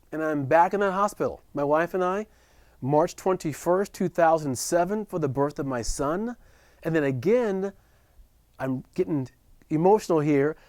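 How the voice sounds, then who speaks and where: A man telling a heartfelt personal story in a virtual talk, earnest, dropping soft and quiet at the tender moments. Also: high-pitched, no room sound, studio quality. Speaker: speaker at a business chamber event. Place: at home or office for a virtual presentation. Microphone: close video call mic.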